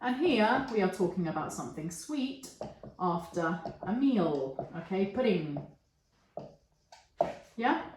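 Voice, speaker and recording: Woman, teacher, slow careful delivery, patient, echoey room. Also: medium pitch, very animated, a little mellow, slight background noise. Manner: patient, checks in with okay and yeah. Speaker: English teacher. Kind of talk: online English lesson.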